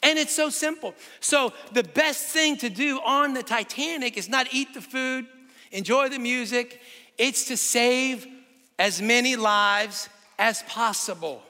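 A man preaches with bright, ringing energy, building his point through stories and rhetorical questions. His voice sits high for a man, and it carries a long reverb from a large hall. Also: measured pace. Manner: animated storytelling with rhetorical questions. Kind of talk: sermon.

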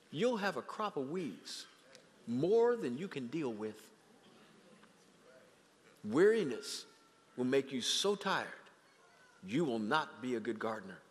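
Lively high-voiced preaching man. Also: long reverb tail. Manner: animated preaching, acting out quoted voices. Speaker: pastor. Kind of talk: sermon. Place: church sanctuary.

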